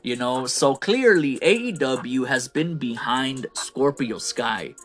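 A man's voice: mid-range voice, animated, slow, faint music behind. A man hosting a casual wrestling commentary show, ranting with fired-up opinions and trailing off on the ends of phrases.

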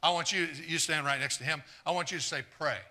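A man preaching a live sermon, earnest and stumbling over repeated words, trading jokes with the congregation and swinging from quiet asides to fired-up exclamations. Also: fairly high pitch, fairly even intonation, quick pace. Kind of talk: live sermon with audience volunteers.

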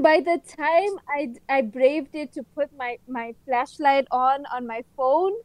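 Podcast co-host, woman, high voice, excitable dramatic storyteller, dry close sound. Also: no echo. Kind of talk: casual chat.

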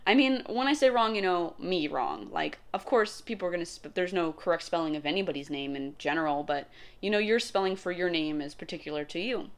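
A young woman talking casually to the camera in a rambling, chatty monologue, laughing often. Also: on the low side. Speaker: vlogger.

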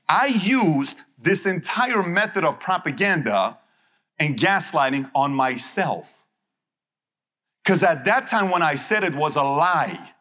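A man's voice: high-pitched, pushed and bright. A man giving a live seminar speech to an audience, emphatic and punchy, repeating his key phrases. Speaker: motivational speaker.

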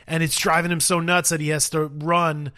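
A man's voice: fairly high pitch, level tone, normal speed, sharp tone, dry recording, studio quality. A man co-hosting a podcast, chatting casually and rambling through a story with lots of fillers and laughs. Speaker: podcast co-host. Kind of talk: casual chat.

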